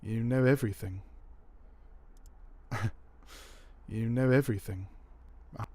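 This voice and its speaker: A man reading an audiobook, voicing an earnest, trusting young gentleman. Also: mid-range voice, takes it slowly, dry recording, lightly acted. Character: naive cheerful young gentleman.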